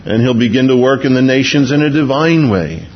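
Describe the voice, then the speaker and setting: Pastor, male, husky voice, conversational sermon delivery, dull lo-fi radio sound. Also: medium pitch, brisk. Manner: conversational, with restarts and chuckles. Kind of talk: expository sermon.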